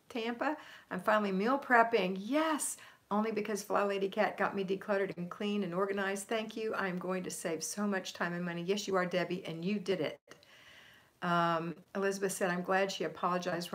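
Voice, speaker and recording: A woman hosting a homemaking livestream, giving upbeat, emphatic motivation in a chatty coaching tone and reading viewer comments aloud to answer them. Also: fairly low pitch.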